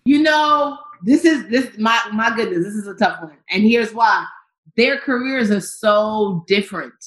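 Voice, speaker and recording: A woman comedian, a guest in an interview, talking in a lively, animated way and acting out quotes in high voices. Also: unhurried. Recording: roomy echo.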